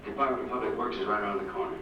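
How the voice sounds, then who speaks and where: An actor playing a brisk, businesslike police lieutenant in an old 1950s film. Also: male voice, lowish voice, lightly acted. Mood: clipped. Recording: roomy lo-fi old film audio.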